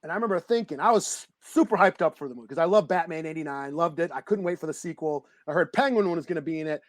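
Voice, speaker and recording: A man co-hosting a podcast, chatting casually about a movie, rambling, excitable and swearing freely. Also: fairly high pitch, quick pace, dry recording, clean studio sound. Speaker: podcast co-host. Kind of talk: casual movie review chat.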